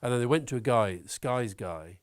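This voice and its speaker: A man talking as an interview guest, opinionated and animated, swearing now and then. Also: mid-range voice, normal speed. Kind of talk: conversational interview.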